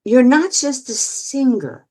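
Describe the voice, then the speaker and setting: A woman voicing a famous male comedian, calm and gently encouraging, in a low, soft, hushed delivery. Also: takes it slowly, husky, full character voice. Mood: coaxing.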